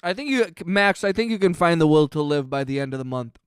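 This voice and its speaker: Smooth-voiced joking male streamer. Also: a little high, animated, quick pace, dry recording, clean studio sound. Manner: joking, sarcastic, reads chat aloud. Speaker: livestream host. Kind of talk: casual livestream chat. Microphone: close mic on stream.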